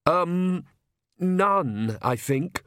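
A man's voice: high-pitched, expressive, drawn-out words, a bit bright, voice pushed up, heavily acted. A man voicing a nervous young male priest who stammers and apologizes. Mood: flustered.

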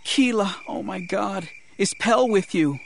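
A man doing a shrill, frantic mother. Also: very animated, a little slow, fairly bright tone, a little hiss or hum, full character voice. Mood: frantic hope. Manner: shrill with hope. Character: shrill, frantic mother searching for her children.

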